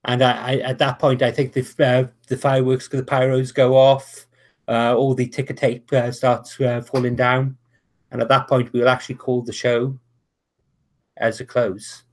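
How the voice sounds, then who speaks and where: Halting male game master on a call. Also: mid-range voice, flat delivery. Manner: halting, full of restarts and "uh". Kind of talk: narrating a tabletop wrestling game. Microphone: online video call.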